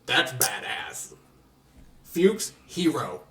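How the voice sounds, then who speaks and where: A man with a fairly high voice co-hosts a casual movie chat. He jokes and rants in an animated, playful way. He sits back from the mic in an echoey room. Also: a little slow, recorded from a distance. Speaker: podcast co-host.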